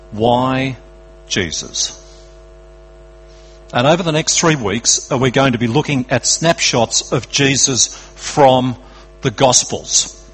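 An older Australian man preaching a sermon in an earnest, conversational way, going from lively emphasis to quiet drops. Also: mid-range voice, slight background noise, poor audio.

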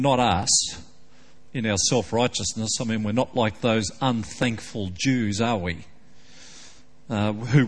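A male pastor delivers his sermon with a mid-pitched, ordinary voice, poking gentle fun at his listeners with one rhetorical question after another. His words ring out with the long reverb of a church hall. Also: slightly rough. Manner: playful, full of teasing rhetorical questions.

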